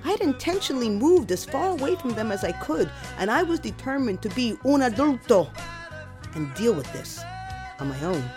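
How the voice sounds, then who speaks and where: A woman telling a first-person story in a wry, expressive way with dramatic emphasis. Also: on the high side, moderate pace, over music.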